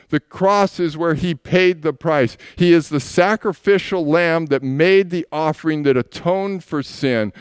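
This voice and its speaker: Smooth-voiced male pastor telling stories. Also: on the high side, no echo, clean studio sound. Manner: storytelling, acting out voices in scripture scenes. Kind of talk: sermon.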